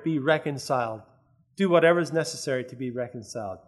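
A man's voice: medium pitch, fast talker, faint music behind. A man preaching a sermon in an earnest, conversational way, often checking that his listeners follow.

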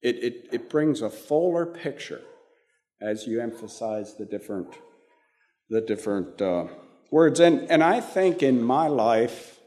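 An older man delivers a sermon at an unhurried pace. His voice sits at an ordinary middle pitch, and he talks haltingly, with frequent restarts and fillers as he gathers his thoughts. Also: a little mellow. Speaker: preacher.

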